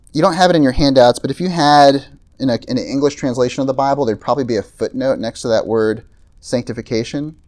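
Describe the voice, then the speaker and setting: A male pastor delivers an evening sermon, talking through the passage in a relaxed, chatty manner. His pitch sits in an ordinary middle range, and he keeps stopping to check in with the audience. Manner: conversational, frequent "right?" and "like" asides. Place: evening talk to a campus group.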